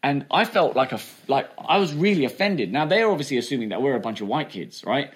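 A man, telling a candid story in an interview, talking fast and chatty, with many fillers like "right?" and "you know". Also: medium pitch, sing-song, husky. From England. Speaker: comedian guest.

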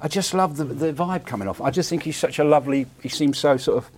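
A man's voice: fairly high pitch, fast talker. A man with an Essex accent, a comedian guest on a comedy panel show, chatting animatedly and slipping into voices. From England. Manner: animated, breaks into voices and laughs.

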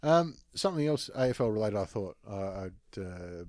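A man's voice: on the low side, very animated, normal speed, darkish tone, no echo, clean studio sound. An Australian man hosting a podcast, chatting casually with blunt, sweary opinions. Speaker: podcast host. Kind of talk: casual chat.

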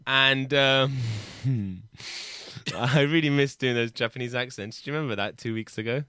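A man's voice: mid-range voice, moderate pace, bright, forceful tone, clear, resonant tone, dry recording, clean studio sound. A man hosting a comedy podcast, joking around playfully and breaking into silly improvised bits. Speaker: podcast host.

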